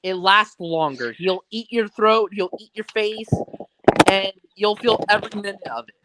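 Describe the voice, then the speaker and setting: A co-host in a casual live chat, curious and quick to jump in with opinions. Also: mid-range voice, a bit bright. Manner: curious, chatty, jumps in with opinions.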